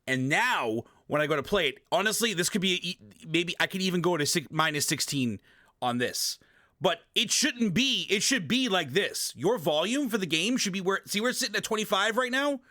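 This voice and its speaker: At normal speed and with a high voice, this man streams an emphatic, casual tutorial from his gaming setup at home. The sound is studio quality with no room sound, though he often turns away from the desk microphone; he swears, repeats points and uses animated sound effects.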